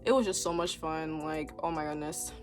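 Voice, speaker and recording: A young woman vlogger telling a storytime story in a lively, chatty way, acting out what everyone said and filling her talk with "like". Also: low-pitched, normal speed, soft background music. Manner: animated storytelling, acts out quotes, heavy use of 'like'. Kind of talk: storytime vlog.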